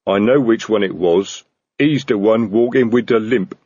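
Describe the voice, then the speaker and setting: A man voicing a blunt, slow-spoken male troll sergeant in an audiobook, gruff and low, on a slightly dull, dry recording. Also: dark tone, dry recording, close to an everyday voice. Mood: grudging.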